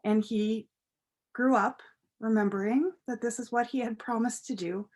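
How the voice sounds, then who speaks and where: A woman telling a children's story at a church service in a gentle, expressive way. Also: a little high, moderate pace. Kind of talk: storytelling for all ages.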